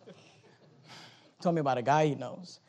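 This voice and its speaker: A man preaching a sermon as pastor in a church, swinging from low, quiet talk to high, loud exhortation, with repeated phrases and stammering restarts. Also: measured pace.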